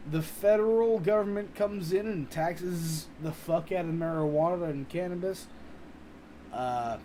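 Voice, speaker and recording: A man's voice: on the high side, a little slow, mellow, slight background noise, low-quality recording. Rambling, profane male streamer. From United States. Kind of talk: casual live-stream chat reading comments.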